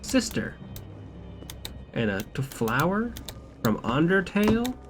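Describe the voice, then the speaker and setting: Over loud game music, a streamer offers casual, profane live commentary and reads in-game notes out loud. His fairly high, sing-song voice moves slowly.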